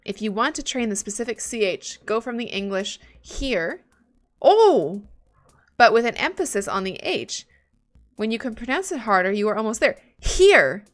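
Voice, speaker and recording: A woman's voice: fairly high pitch, expressive, normal speed. A woman streaming live as she studies German, chatting casually and thinking aloud, swearing now and then when she gets stuck.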